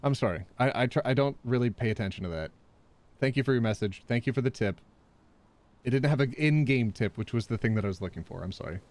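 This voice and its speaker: A man's voice: mid-range voice, quick pace. A man live-streaming a game, chatting with viewers, yelping and laughing as he plays. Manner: animated, yelps and laughs while playing, chats with viewers.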